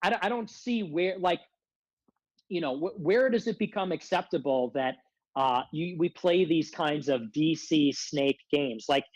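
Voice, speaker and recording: A man's voice: fairly high pitch, a little slow, darkish tone, dry recording, highs cut off. A man ranting as a guest on a livestream, confrontational and self-described as a hothead, repeatedly demanding answers. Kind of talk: heated casual rant.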